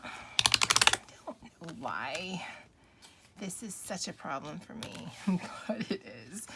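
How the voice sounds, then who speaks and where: A woman's voice: lowish voice, lively intonation, takes it slowly, vocal fry, heavy background noise. A chatty woman talking straight to her viewers about her planner. She laughs easily and pokes fun at herself, in an easygoing, conversational way. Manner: chatty, giggly, self-deprecating. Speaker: planner vlogger. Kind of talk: casual chat to camera.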